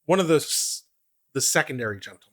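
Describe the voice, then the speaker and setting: A man co-hosting a podcast, recapping a TV episode in animated casual chat, laughing often and swearing. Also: medium pitch, quick pace. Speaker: podcast co-host.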